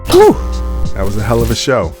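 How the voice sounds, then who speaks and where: A man's voice: medium pitch, moderate pace. Guy hosting a podcast, laid back and frank, laughs a lot, music going behind him. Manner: laughs often, relaxed and frank. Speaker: podcast host. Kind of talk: casual podcast chat.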